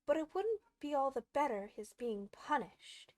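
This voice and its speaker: A woman voicing a curious, polite young girl, earnest and wondering, pitched well above her own voice. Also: very animated, measured pace.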